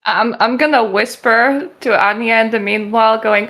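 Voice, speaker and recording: Woman, tabletop player, chatty, eager, high voice. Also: normal speed, a bit bright. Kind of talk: in-character tabletop play.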